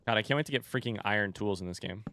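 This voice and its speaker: Gravelly man muttering through a game. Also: fairly low pitch, very fast, pushed and bright, slight background noise. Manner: thinks aloud while building, counting and muttering; dry sarcastic joking with chat. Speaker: streamer. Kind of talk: casual gameplay commentary.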